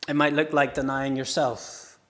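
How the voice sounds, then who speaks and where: A middle-aged man, a pastor preaching a sermon with passionate storytelling, moving from loud cries to hushed words. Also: medium pitch, level tone, moderate pace.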